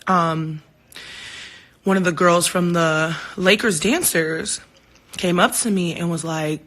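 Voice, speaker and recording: Woman, casual phone-livestream chat; bright, forward tone, heartfelt and candid, swears freely. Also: on the low side, slow. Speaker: singer hosting a livestream.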